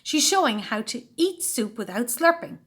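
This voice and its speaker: A woman's voice: on the high side, big pitch swings, moderate pace, a bit bright, voice pushed up. A woman voicing a whiny, goody-goody little boy who snivels and tattles, in a storybook reading.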